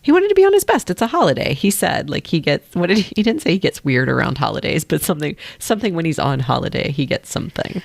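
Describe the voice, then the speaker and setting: Woman co-host, deep and a bit gravelly, animated, playful interjections. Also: no echo. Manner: quick, playful interjections and laughs. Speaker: podcast co-host. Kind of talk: casual chat.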